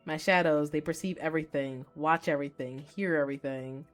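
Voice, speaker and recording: Woman reading as a cool male shadow monster, formal and measured, lowish voice, faint music behind. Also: lightly acted. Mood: aloof.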